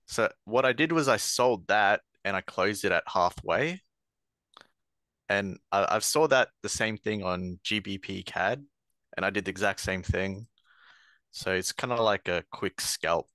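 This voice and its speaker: Bright-toned man asking rambling questions. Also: fairly low pitch, unhurried, no room sound, studio quality. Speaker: caller asking a trading question. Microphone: video call.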